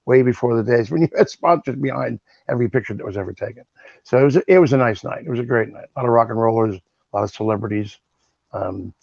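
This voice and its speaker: A man in his sixties, a guest on an interview show, telling lively anecdotes and acting out the voices of the people in them. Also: mid-range voice, gravelly, dry recording, dull audio. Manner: animated, acts out voices in his stories. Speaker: guest, original cast member. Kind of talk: anecdotal storytelling.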